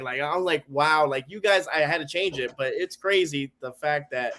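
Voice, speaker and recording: An animated man talks on a podcast, his fairly high voice jumping up whenever he acts out what other people told him. He tells his stories in a loose, chatty way, stopping to restart and then surging ahead. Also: normal speed, hardly any pauses. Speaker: podcast guest. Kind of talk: casual chat. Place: home garage studio.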